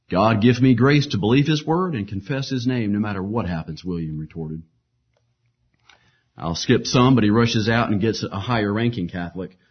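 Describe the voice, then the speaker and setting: A man's voice: fairly low pitch, breathy edge, lo-fi sound. A man reading martyr stories aloud as a preacher, voicing the quoted lines with rising force and breaking off for casual asides. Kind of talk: dramatic storytelling reading with asides.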